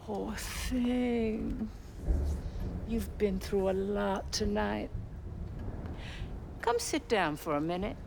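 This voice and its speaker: A woman voicing a stern, proud older grandmother, speaking in a measured, imperious way. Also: medium pitch, gravelly, background noise. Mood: haughty. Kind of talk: video game voice acting.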